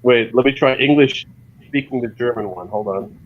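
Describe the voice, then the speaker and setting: A man chats casually as co-host and lays out each step in a relaxed way. His voice sits at a middle pitch and comes through a narrow, phone-like line. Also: moderate pace, a little hiss or hum. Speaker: co-host running the text-to-speech. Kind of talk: casual chat.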